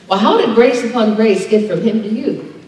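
A woman's voice: fairly high pitch, moderate pace, darkish tone, a little hiss or hum. A woman pastor preaching a sermon, emphatic and drawing responses from her congregation. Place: church sanctuary. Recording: echoey church hall, distant mic.

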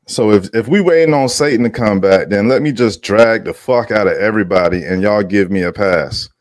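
A man's voice: fairly low pitch, a little fast, dry recording, clean studio sound. Profane, heated man ranting on camera. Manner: heated, emphatic, swears a lot, repeats himself; greets viewers by name. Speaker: vlogger.

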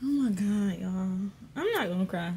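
A woman's voice: medium pitch, a little slow, very noisy. A young woman, chatting informally and directly to her viewers on a vlog, recorded on a camera mic. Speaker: vlogger. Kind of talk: casual vlog chat to camera.

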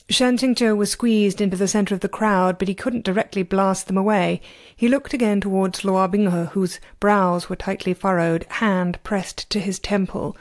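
A woman narrating a fan audiobook, her reading steady and expressive. Her voice sits at a middling pitch, with no marked color or recording fault. She is an amateur reading for other fans. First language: not Chinese. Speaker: amateur reader.

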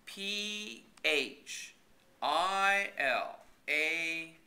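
A man's voice: on the high side, big pitch swings, normal speed, sharp tone, voice pushed up, exaggerated voice, rough recording. A man doing Dan, a dry easygoing country man. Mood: teasing.

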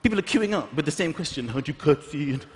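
A man doing stand-up comedy on stage, animated and acting out voices, shouting punchlines. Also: fairly high pitch, quick pace, background noise. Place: large hall with audience. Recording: echoey live hall, audience laughter.

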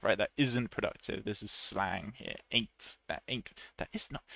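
A man teaching an English lesson in a chatty, relaxed way, laughing often and acting out short example voices. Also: fairly low pitch, measured pace, gravelly, hardly any pauses, no echo. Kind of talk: casual online English lesson.

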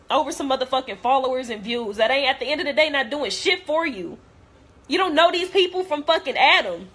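Woman, young adult, high voice, husky, blunt and profane, emotional vlog rant. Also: fairly bright tone. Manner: blunt, profane, hurt and heartfelt. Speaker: vlogger.

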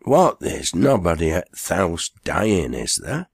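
A man's voice: low voice, very animated, takes it slowly, gravelly, husky, no echo, studio quality, heavily acted. A man voicing a cheery, hungry old yard servant with a broad Lancashire dialect, jovial and sing-song, in an audiobook. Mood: hearty.

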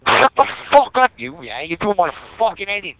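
A man from Wales in angry in-game voice chat, shouting threats and swearing heavily. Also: high voice, very animated, normal speed, slight background noise, rough recording. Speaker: online gamer.

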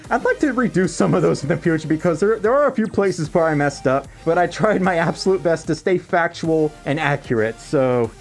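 A YouTuber chatting casually while reading fan letters aloud, bubbly and quick to laugh. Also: mid-range voice. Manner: bubbly, laughs often, squeals when excited. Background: faint background music.

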